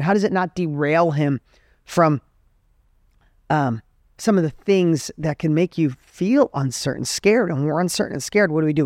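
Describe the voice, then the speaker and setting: A man's voice: on the high side, a little mellow, dry recording, studio quality. A middle-aged man giving an earnest, emphatic motivational talk as a podcast host, telling stories to make his points. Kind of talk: motivational monologue.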